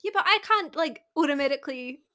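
A woman talks casually on a podcast, rambling through her thoughts with plenty of filler words. Her voice sits a little high for a woman, and the delivery is loose and conversational. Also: expressive, brisk, pushed and bright. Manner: chatty, rambling, many "like" fillers. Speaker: podcast co-host. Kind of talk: casual book chat.

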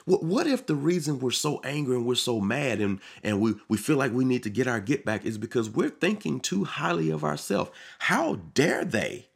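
A man delivering a sermon on his podcast, preaching with animated swings and acting out quoted voices. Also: medium pitch, brisk, creaky, hardly any pauses, slightly rough.

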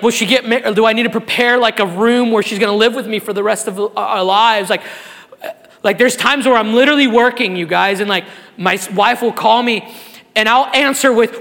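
A man preaching in a sanctuary, his voice high and ringing bright, with a long reverb trailing off the walls. He moves from hushed, heartfelt stretches to loud, shouted appeals. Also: vocal fry. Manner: emotional, swings from soft to shouted. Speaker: pastor. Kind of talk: sermon. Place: church sanctuary.

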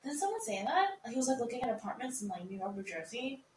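A young woman co-hosting a casual podcast chat, teasing and animated as she tells stories. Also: on the high side, fast, reverberant, far from the mic, slight background noise. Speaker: podcast co-host.

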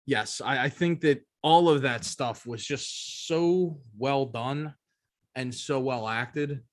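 A man's voice: mid-range voice, slow, no echo, studio quality. A man co-hosting a podcast in casual chat, rambling and emphatic, often asking "you know what I mean". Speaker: podcast co-host.

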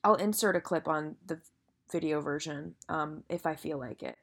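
A woman's voice: deep voice, moderate pace, creaky, fairly bright tone, husky. A young woman telling a story in a casual monologue, chatty and full of filler words and swearing.

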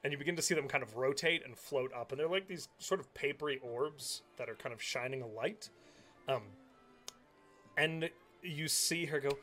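Bright-voiced man narrating a tabletop game. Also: a little high, moderate pace, soft background music. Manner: descriptive, with many fillers. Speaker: game master.

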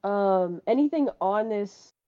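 A woman's voice: medium pitch, lively intonation, takes it slowly, clear, resonant tone. A woman playing a tabletop game, asking questions hesitantly with fillers. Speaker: player. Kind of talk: casual tabletop game chat. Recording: muffled lo-fi mic.

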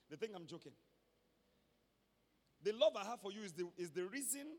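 A man with a Nigerian accent preaching a sermon to his church, emphatic and rising from quiet talk to shouts. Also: high-pitched. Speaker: pastor. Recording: long hall reverb.

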